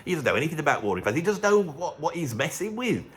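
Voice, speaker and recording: A man's voice: on the high side, sing-song, fast talker. A middle-aged man with a Birmingham accent, talking straight to camera in a chatty, sarcastic vlog. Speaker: musician and YouTuber.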